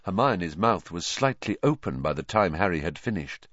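A male audiobook narrator with a mid-pitched voice that rises and falls in a lively, animated storytelling style. The recording is dry and close, with a slightly dull, muffled top end. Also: normal speed, dry recording. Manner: expressive, animated reading.

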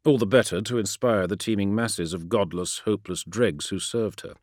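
A man narrating a dark science-fiction story in an expressive, dramatic reading style. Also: fairly low pitch, moderate pace, dry recording, clean studio sound. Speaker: audiobook narrator. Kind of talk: scripted narration.

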